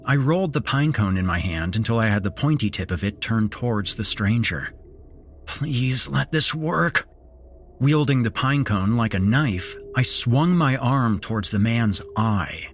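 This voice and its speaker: A man hosting and narrating a horror story in a steady, measured storytelling manner. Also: on the low side, a little hiss or hum. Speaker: horror podcast host and narrator.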